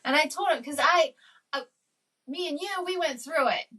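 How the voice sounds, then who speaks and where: A woman's voice: sits high, moderate pace, a bit bright, far from the mic. A woman co-hosting a podcast, chatting casually, agreeing often and telling family stories. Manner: agreeable, storytelling with acted quotes. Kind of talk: casual chat.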